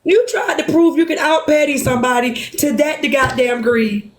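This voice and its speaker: A high-pitched woman hosting a livestream pours out her emotions to her supporters, passionate, blunt and swearing heavily while scolding herself. She speaks at a moderate pace, and her voice echoes around a roomy space.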